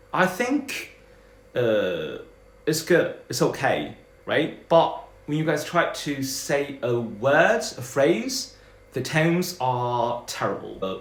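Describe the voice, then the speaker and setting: Chinese-accented male language teacher, slightly high voice, echoey room. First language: Mandarin Chinese. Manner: drills rhythms by humming. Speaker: Mandarin pronunciation teacher. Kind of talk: pronunciation lesson.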